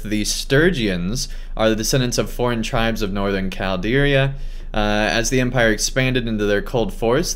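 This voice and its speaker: A man giving casual let's-play commentary as a gaming host, excited and chatty with many fillers. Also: on the low side. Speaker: gaming YouTuber.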